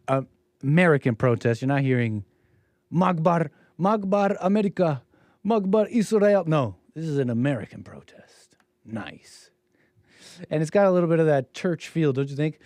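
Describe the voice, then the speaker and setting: A man's voice: on the high side, a little mellow, no echo, clean studio sound. A man hosting a live stream, commenting on a video in a rambling, sarcastic way with frequent restarts.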